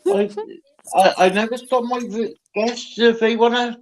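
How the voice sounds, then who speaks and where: A man's voice: very high voice, unhurried. A man hosting a loose group chat, blunt and full of swearing. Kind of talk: casual chat.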